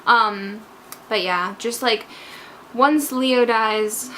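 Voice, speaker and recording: Gushing high-voiced young woman vlogger. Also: slow, fairly bright tone, a little hiss or hum. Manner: gushing, scatterbrained and emotional. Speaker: book vlogger. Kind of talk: casual book discussion.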